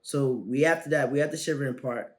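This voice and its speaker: Brisk and medium-pitched, a young man running a self-help video tells a story about himself. He talks casually with slang and energy, alternating loud bursts with softer asides.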